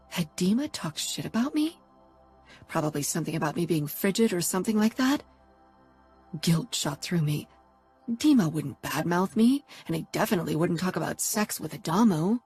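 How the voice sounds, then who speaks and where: A woman reading a first-person romance audiobook in a steady, intimate narration. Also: on the low side, moderate pace, slightly rough, faint music behind.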